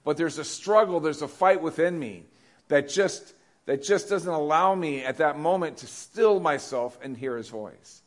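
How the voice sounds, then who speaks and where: A man's voice: on the high side, measured pace. Man preaching a conversational sermon. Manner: conversational preaching with repeated questions to the congregation. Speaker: pastor.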